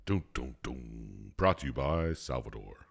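A man's voice: very deep voice, big pitch swings, unhurried, gravelly, breathy edge, soft background music. A man co-hosting a casual podcast, laid-back and joking as he sums up a game's story in loose bits. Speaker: podcast co-host.

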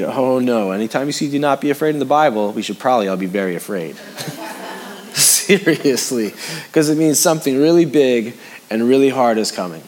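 A man delivers a sermon as casual, personal talk to a congregation. He keeps circling back to the same phrases, lifting his voice to press a point and then sinking to a quiet, grave register. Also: medium pitch, lively intonation, normal speed. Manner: conversational preaching with sudden rises and hushed drops; repeats phrases for emphasis. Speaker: pastor.

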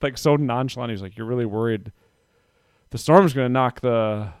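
A man's voice: medium pitch, normal speed, clean tone, no room sound. Thirties man telling family stories casually, dry recording. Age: 30s. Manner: rambling, animated retellings with voices for his kids. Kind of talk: casual chat.

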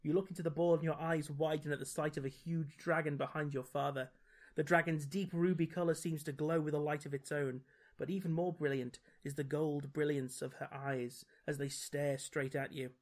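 A man's voice: a little high, fairly even intonation, moderate pace, darkish tone. A man reading a gamebook aloud as podcast host, dropping dry, wry asides. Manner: dry, wry commentary between read passages.

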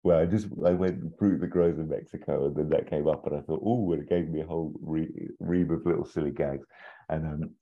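A man casually pitching a comedic film sequel scene by scene, often popping into silly high character voices. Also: fairly even intonation, fairly quick. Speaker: podcast co-host pitching an imagined sequel. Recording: dull lo-fi sound.

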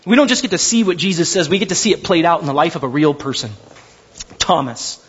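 A man's voice: a little high, fast, breathy edge, muffled recording. A man preaching a sermon as pastor, telling stories animatedly and acting out the voices of the people in them.

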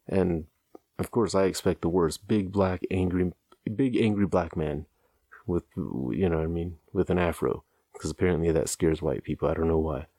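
A man with a deep, low voice spins a casual, meandering anecdote, amused at his own tale. The sound is close and dry, with no room around it. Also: warm tone, no room sound. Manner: rambling, amused, loose and profane, chuckles at his own story. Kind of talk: casual storytelling.

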